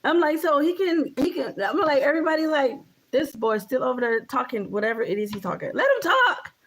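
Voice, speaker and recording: Woman, thirties, vlogger, casual rant, emphatic, repeats herself, swears a lot, higher-pitched voice. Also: fairly quick. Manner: emphatic, repetitive, profane.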